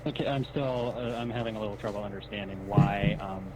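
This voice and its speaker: A low-pitched man on an old recorded call, pressing his questions patiently and with hesitations. A clear hum and noise run under the voice. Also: fast. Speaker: caller. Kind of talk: recorded phone-call conversation.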